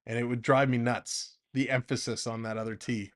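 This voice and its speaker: A man doing casual live play-by-play for a fan stream, chatting off-topic between pitches and laughing often. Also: level tone, normal speed.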